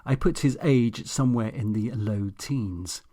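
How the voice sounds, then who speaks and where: A man's voice: medium pitch, measured pace, dark tone. A man reading a comic audiobook in a dry, sardonic, self-mocking way. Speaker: audiobook narrator.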